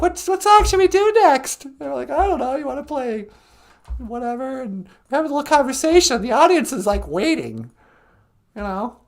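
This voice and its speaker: High, lively woman telling stories. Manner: animated storytelling with frequent laughs. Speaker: host. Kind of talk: comedic monologue.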